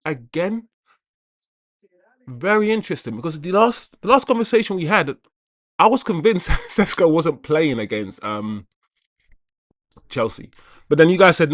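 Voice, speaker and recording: A man's voice: on the high side, expressive, moderate pace, long pauses, a bit bright, dry recording, clean studio sound. A man hosting a live football watch-along stream, talking casually and chattily to his viewers, repeating himself and greeting viewers by name.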